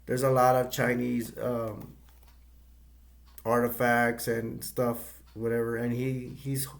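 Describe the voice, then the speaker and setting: A man giving a casual movie review, retelling the plot in a rambling, halting way with many restarts. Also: medium pitch, creaky.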